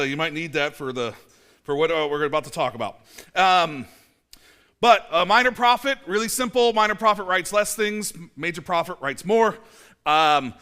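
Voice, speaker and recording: A man's voice: high voice, pushed and bright. A man in his forties, a pastor preaching a casual sermon in a church, chatty, with many fillers and restarts and dry self-mocking asides. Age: 40s. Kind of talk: conversational sermon.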